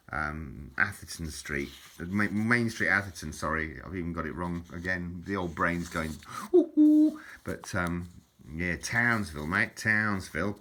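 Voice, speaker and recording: A man's voice: low-pitched, pushed and bright, slight background noise. An older man rambling through old keepsakes, chuckling often and tagging lines with "innit" and "mate". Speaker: vlogger. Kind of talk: rambling reminiscence over keepsakes.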